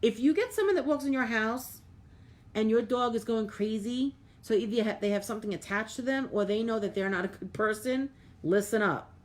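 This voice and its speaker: A middle-aged woman with a slightly high, medium voice hosts a live stream, speaking fairly quickly and earnestly to her viewers. She uses "like" a lot and repeats words, reading out comments and thanking viewers by name.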